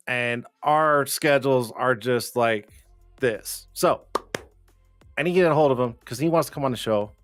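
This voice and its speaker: A man's voice: mid-range voice, a bit bright, no echo. Joking, swearing livestream host man. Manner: loose, joking, swears and laughs often. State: slightly strained voice. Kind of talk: casual livestream chat.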